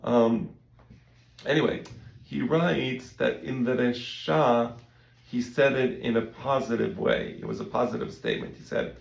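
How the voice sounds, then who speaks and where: Gravelly-voiced male rabbi teaching in an echoey room. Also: medium pitch, measured pace. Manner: conversational, repeats words, quotes in animated voices. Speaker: rabbi teaching a Talmud class. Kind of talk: casual Talmud lesson.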